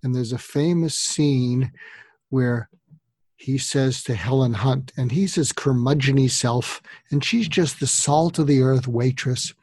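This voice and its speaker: Husky man telling a film story. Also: medium pitch, measured pace, darkish tone, no echo. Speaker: podcast co-host. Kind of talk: casual chat.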